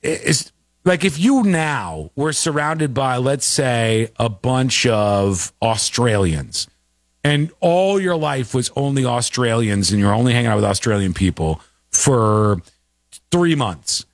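A man hosting a casual reaction chat, animated and repeating himself as he talks. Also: mid-range voice, slow, no echo, clean studio sound. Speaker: show host.

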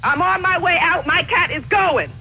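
A woman on a phone call, stubborn and insistent, repeating herself and raising her voice to shouting at times. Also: very high-pitched, normal speed, creaky, faint music behind. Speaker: prank call target.

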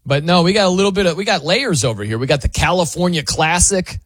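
Animated, chatty sports radio host man. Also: high-pitched, fast talker, no echo. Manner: animated, chatty, laughs often. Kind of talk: casual sports talk monologue.

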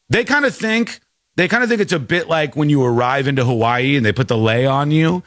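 A man's voice: on the high side, fairly quick, dry recording, studio quality. An American man hosting a show, riffing casually on news clips and mimicking the people in them. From United States. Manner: animated, mock-quotes people in put-on voices. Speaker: show host.

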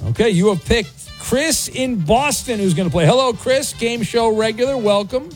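High-voiced joking male radio game host. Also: normal speed, faint music behind. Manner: jokey, self-mocking, lots of uh fillers. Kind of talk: morning radio game show hosting.

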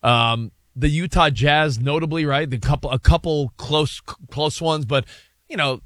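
A man's voice: a little high, moderate pace, fairly bright tone, dry recording, studio quality. A man co-hosting a sports talk show, posing long rambling hypotheticals in casual debate.

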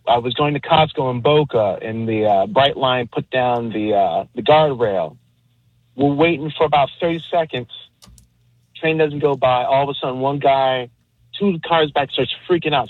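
A man's voice: mid-range voice, no echo. A man calling into a radio show to tell a story about an angry driver. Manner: animated storyteller. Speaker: caller. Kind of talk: telling a story on air. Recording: tinny phone line.

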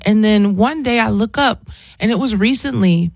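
A woman's voice: mid-range voice, moderate pace, no room sound, clean studio sound. A woman in her thirties, a guest in a casual interview, telling stories and acting out other people's voices. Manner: animated storyteller, acts out voices.

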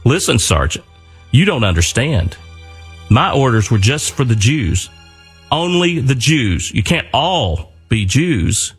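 A man's voice: medium pitch, big pitch swings, slow, breathy edge, faint music behind, voice pushed up, full character voice. A man voicing a furious German officer, a major making clipped threats in a retold war story. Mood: menacing.

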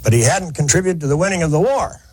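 A man's voice: a little high, animated, fast talker, darkish tone, breathy edge, poor audio. A man telling a war story in a folksy, conversational lecture, with fillers and restarts. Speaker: historian lecturer.

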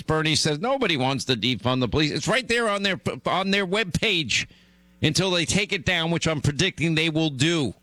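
A man's voice: a little high, animated, normal speed, sharp tone, dry recording. A middle-aged man hosting a talk radio show, delivering an emphatic monologue that gets worked up.

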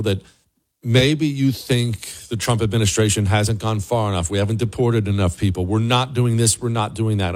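A man hosting a show, giving casual commentary in an earnest, emphatic way, often repeating words for stress. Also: on the low side. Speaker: show host.

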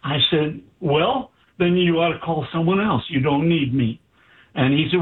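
Doctor guy spinning a story, voices all the quotes, kinda raspy, sounds like it's over the phone. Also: on the high side, unhurried. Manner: animated, acts out quoted dialogue. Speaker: doctor, interview guest. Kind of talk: anecdotal storytelling. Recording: tinny phone-like line.

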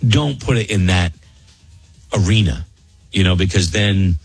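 A man hosting a morning radio show, ranting in animated, opinionated banter with his co-hosts. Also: low voice, a little slow, husky, no echo, faint music behind.

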